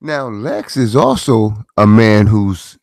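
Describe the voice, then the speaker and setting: A man's voice: fairly low pitch, expressive, slow, darkish tone, no echo, studio quality. A middle-aged man hosting his own commentary channel, talking in a preachy way with rhetorical questions and repeated phrases. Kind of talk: casual commentary monologue.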